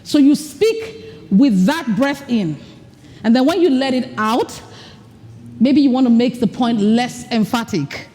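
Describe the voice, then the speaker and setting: A woman with a high, mellow voice leads a workshop, acting out each point with her own voice and breath. The sound rings with the long echo of a large hall. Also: animated, measured pace. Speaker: leadership coach. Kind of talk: workshop talk.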